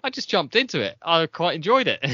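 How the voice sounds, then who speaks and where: A man, co-hosting a casual chat podcast, chatty and quick to laugh. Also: on the high side, big pitch swings, pushed and bright, husky, no echo, highs cut off. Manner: chatty, laughs often, trails off. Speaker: podcast co-host.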